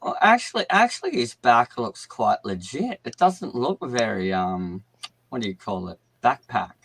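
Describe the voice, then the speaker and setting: A man's voice: medium pitch, sing-song, normal speed, a bit bright, breathy edge, low-quality recording. A man chatting casually with friends on a live stream, rambling and repeating himself.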